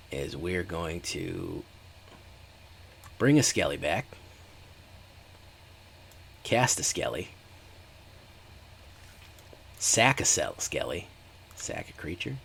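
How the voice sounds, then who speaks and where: A man's voice: low-pitched, creaky, a bit bright, slight background noise. A man giving casual, chatty commentary while streaming a card game and talking to his live chat.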